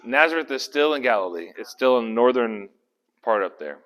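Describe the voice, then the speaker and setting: A man's voice: mid-range voice, lively intonation, a little fast, fairly bright tone. A man leading a casual Bible study in a folksy, conversational way. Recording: reverberant hall.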